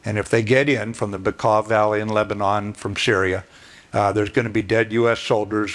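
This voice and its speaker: A man's voice: mid-range voice, a bit bright. Plainspoken older man telling a story. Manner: folksy, plainspoken, with throat clearing and fillers. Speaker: retired general giving a speech. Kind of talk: storytelling speech to an audience.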